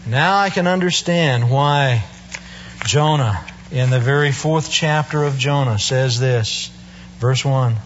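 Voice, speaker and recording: A man's voice: medium pitch, slow pace, muffled recording, slight background noise. A male preacher giving a sermon in a church service, telling the story with humor and playful asides.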